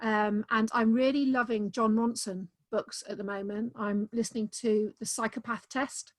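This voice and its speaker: A woman's voice: a little high, steady tone, normal speed, dry recording. A woman author talking enthusiastically about her books in a casual video-call interview, with many "um"s. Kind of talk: casual conversation.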